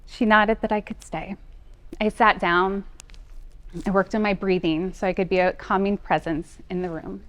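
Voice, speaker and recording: A middle-aged woman, a parent coach, telling a personal story in an earnest, gentle way. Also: medium pitch, steady tone, normal speed. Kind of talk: personal talk.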